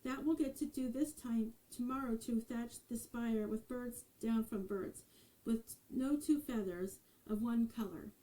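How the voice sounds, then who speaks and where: A menacing male giant from a storybook, as a woman reader puts him on, with a gruff, mellow, low-pitched voice. He speaks slowly and threateningly in old-fashioned words. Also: close to an everyday voice, low-quality recording. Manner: slow, threatening, archaic speech.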